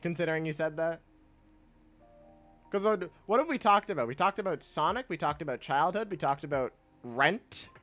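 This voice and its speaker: A man's voice: a little high, animated, normal speed. Chatty, laid-back streamer man. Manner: laid-back, rambling, laughs often. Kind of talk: casual chat while gaming. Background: soft chill music.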